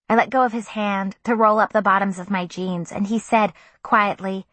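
Soft, breathy woman reading an audiobook. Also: medium pitch, fairly even intonation, moderate pace, hardly any pauses, no echo. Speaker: audiobook narrator. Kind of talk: first-person audiobook narration.

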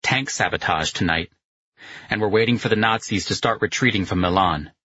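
A man voicing a battle-hardened teenage resistance fighter, talking quick and determined. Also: lowish voice, sharp tone, lo-fi sound, a little hiss or hum.

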